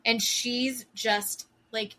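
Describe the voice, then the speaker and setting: Bright-voiced woman recapping heatedly. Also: fairly high pitch, steady tone, slight background noise. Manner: heated, quotes cast members in quick bursts. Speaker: podcast co-host. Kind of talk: casual recap chat.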